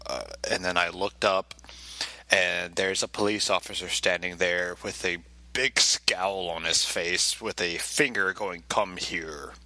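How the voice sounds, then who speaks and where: A man's voice: low-pitched, fairly even intonation, unhurried, sharp tone, dry recording. A man co-hosting a podcast, telling a funny personal story in a wry, self-mocking way and slipping into voices for the people in it. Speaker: podcast co-host. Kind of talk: casual comic storytelling.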